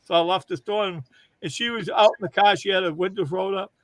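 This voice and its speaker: On a livestream, a man with a high voice speaks fast, telling long, rambling funny stories and laughing as he goes. The audio is dry, with no room sound.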